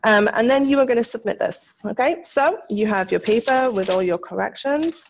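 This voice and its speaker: A woman's voice: on the high side, expressive, normal speed, slight background noise. A woman French teacher giving a recorded lesson, patiently explaining in English with French phrases. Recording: dull lo-fi recording.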